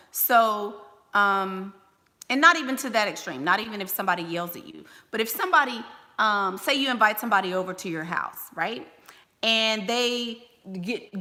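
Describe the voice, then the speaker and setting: A woman's voice: mid-range voice, bright, forceful tone, big-room sound. A woman giving life-coaching advice on a livestream, blunt and emphatic, firing rhetorical questions.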